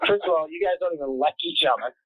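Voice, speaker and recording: A man's voice: fairly high pitch, fast talker, husky, dry recording. A man in casual comedic radio banter, brash, teasing and profane. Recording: tinny phone-like lo-fi sound.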